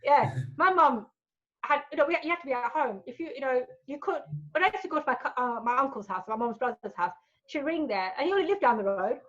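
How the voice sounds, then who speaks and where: A high-pitched, fast-talking woman in her forties, whose family is from Gujarat, India, guests on a casual interview. She tells her stories bluntly and vividly, acting out people's words. The recording sounds dull and lo-fi.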